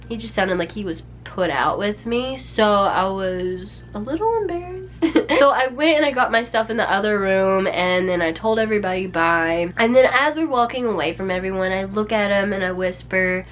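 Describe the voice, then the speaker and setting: A young woman vlogger telling a personal story in a casual, chatty way, peppered with "like" and small laughs. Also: mid-range voice. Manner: chatty, many "like"s and little laughs.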